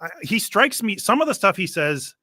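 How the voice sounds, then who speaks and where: A man hosting a casual reaction chat, talking in an animated, sarcastic way and laughing often. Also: high voice, moderate pace, no room sound, studio quality. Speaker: host.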